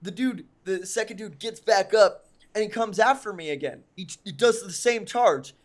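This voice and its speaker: A young man with a fairly high voice tells a long personal story in casual podcast chat. He rambles, fills gaps with ums and likes, and pokes fun at himself as he goes. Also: moderate pace. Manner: rambling, full of ums and likes, self-mocking. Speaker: podcast co-host.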